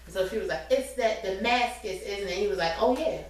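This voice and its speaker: A woman in casual chat, retelling a TV episode bluntly with quoted lines. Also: medium pitch. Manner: fast, blunt, swearing, acting out quotes. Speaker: podcast co-host. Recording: echoey room, far from the mic, faint noise.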